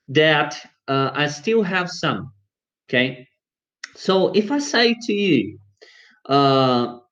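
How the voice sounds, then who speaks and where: Male English teacher, fairly high voice, upbeat and coaxing, dull lo-fi stream audio. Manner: coaxing, upbeat, talks straight to viewers. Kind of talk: live-streamed English lesson.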